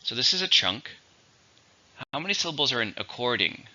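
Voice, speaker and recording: A man's voice: medium pitch, sing-song, brisk, pushed and bright. A man teaching English vocabulary in a methodical way, saying each word, counting its syllables and giving an example sentence. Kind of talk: vocabulary lesson. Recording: dull lo-fi audio.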